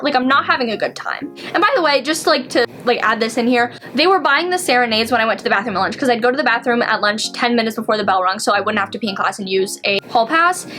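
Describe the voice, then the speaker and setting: A young woman tells a personal story straight to her viewers in a loose, chatty vlog voice. Her voice sits a little higher than most, and she strings her sentences together with plenty of "like"s. Faint music plays behind her. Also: a bit bright. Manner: chatty, filler-heavy storytelling with many "like"s. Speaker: vlogger.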